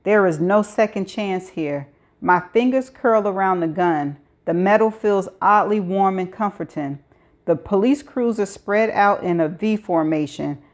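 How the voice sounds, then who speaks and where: A woman reading a novel aloud in first person, steady and measured. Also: mid-range voice. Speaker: audiobook reader.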